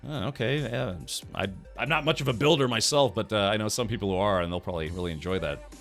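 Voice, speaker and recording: A man on a game live stream, reading update notes aloud and chatting with viewers in a halting way with frequent restarts. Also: fairly low pitch, gravelly, a bit bright, soft background music. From United States.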